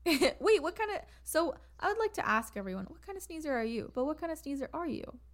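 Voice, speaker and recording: A young woman with a fairly high voice, chatting casually as a podcast co-host. She laughs readily and tells her stories in an animated way. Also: a little fast. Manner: giggly, animated storyteller. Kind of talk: casual chat. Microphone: remote call mic.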